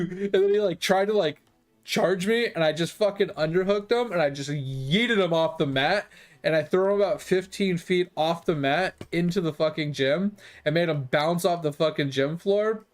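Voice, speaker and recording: A man's voice: sits high, moderate pace, faint music behind. A man streaming a game and casually telling a long, rambling story, swearing freely and chuckling as he goes.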